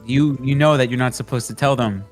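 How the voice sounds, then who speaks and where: A man playing in a tabletop game, speaking in a hesitant, halting way. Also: medium pitch, fairly even intonation, soft background music. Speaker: player. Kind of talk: casual tabletop play.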